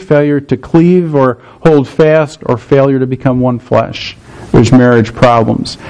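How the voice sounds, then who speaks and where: A middle-aged man preaching at a medium pitch, unpacking scripture in an explanatory way. He often pauses to check in with his listeners as he goes. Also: a little mellow, poor audio. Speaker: pastor. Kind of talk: sermon.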